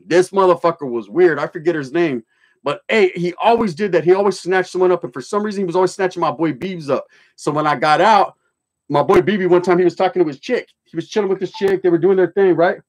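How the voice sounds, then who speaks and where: A man's voice: sits high, quick pace. A middle-aged man from California hosting a casual livestream, reading chat and telling stories in streetwise slang with plenty of swearing.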